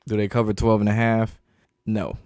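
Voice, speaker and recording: A relaxed man with a lowish voice runs through the weekend's games in an easy, conversational way. He reads each matchup and its line, then gives his pick. The sound is dry and close. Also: normal speed, clean tone, no echo. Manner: laid-back, reads matchups and lines before giving picks. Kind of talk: casual sports betting chat.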